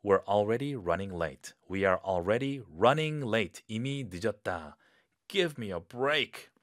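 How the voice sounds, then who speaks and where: A man's voice: lowish voice, lively intonation, brisk, dry recording. A man leads an English lesson, his voice jumping up and down as he acts out everyday reactions. He spells key words letter by letter. The sound is close and dry, with no room around it. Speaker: English teacher.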